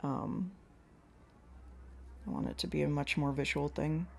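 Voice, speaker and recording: A woman's voice: sits low, steady tone, measured pace, creaky, a little mellow, a little hiss or hum. A woman hosting a live painting stream, chatting casually and a little whiny, answering her viewers' comments in a rambling, self-deprecating way. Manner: slightly whiny, pleading tone. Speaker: livestream host painting with watercolors.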